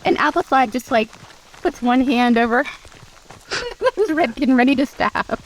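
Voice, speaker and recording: Woman, player, high voice, casual. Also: expressive, unhurried, far from the mic, low-quality recording. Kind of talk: casual tabletop game play.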